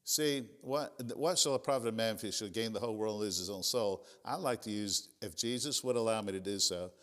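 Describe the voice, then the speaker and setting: A man's voice: fairly low pitch, fairly quick, fairly bright tone. A man pastor preaching a sermon, retelling scripture in a plain, folksy, conversational way. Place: church sanctuary. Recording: long church reverb.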